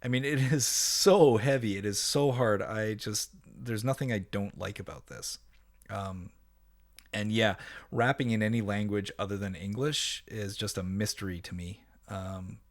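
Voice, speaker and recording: Eager low-voiced man reacting to music. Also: steady tone. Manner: enthusiastic, halting with many fillers and restarts. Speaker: music reviewer. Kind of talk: casual reaction commentary.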